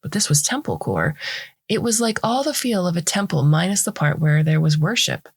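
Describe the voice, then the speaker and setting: A woman reading a short story aloud in the first person, in a measured, wry storytelling manner. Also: sits low, creaky, slightly rough, no echo, clean studio sound. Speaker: story reader. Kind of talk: scripted narration.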